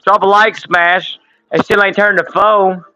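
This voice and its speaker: A man's voice: high-pitched, steady tone, measured pace, a crowd in the background, poor audio. A man in his thirties hosting a casual livestream from home, swearing and laughing through loose banter. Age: 30s. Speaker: livestream host. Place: home room with window air conditioner.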